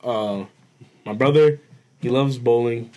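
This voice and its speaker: A man's voice: mid-range voice, slow pace, mellow, muffled recording. A young man casually telling a rowdy story to friends, full of laughter and swearing. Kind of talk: casual chat.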